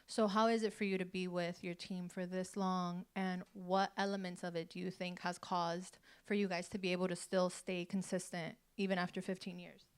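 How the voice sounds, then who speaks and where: A woman moderating an onstage interview in a small theater, asking measured questions. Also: on the low side, level tone, smooth.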